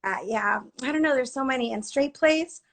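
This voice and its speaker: A woman with a slightly high voice chatting on a live social video. She rambles and acts out quotes of what she thought at the time. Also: brisk. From Latina. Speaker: actor on a live chat. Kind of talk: casual chat.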